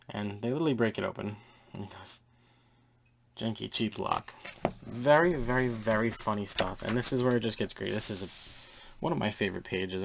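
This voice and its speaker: Gravelly low-voiced young man rambling excitedly. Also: slight background noise. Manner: rambling, enthusiastic, heavy on fillers. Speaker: comic book reviewer. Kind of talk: casual comic review.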